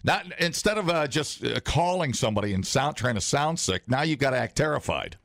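A man co-hosting a podcast, chatting casually in a rambling, halting, self-mocking way. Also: mid-range voice, expressive, gravelly, a bit bright, no room sound, clean studio sound. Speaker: podcast co-host. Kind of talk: casual chat.

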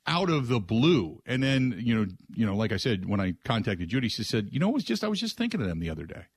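A middle-aged man hosting a radio show, telling a rambling story in a casual way, with restarts and lively quoted voices. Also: fairly low pitch, quick pace, breathy edge, no room sound, studio quality. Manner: rambling, restarts, animated when quoting others.

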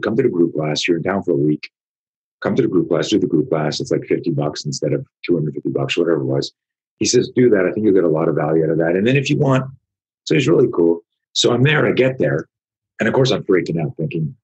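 A man, a martial arts instructor in his fifties or older, telling a story in casual conversation, animated and profane, acting out what people said. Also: deep voice, brisk, husky, lo-fi sound. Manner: animated, profane, acts out quotes.

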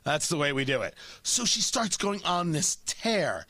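Blunt, animated male radio host. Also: on the high side, measured pace, hardly any pauses, no room sound. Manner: blunt, combative, stammers into restarts. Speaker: radio talk show host. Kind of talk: opinionated talk radio.

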